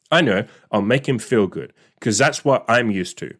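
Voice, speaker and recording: A man's voice: fairly low pitch, animated, moderate pace, hardly any pauses. A young man giving blunt, casual dating advice in a solo monologue, swearing freely and acting out what others would say. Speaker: dating coach.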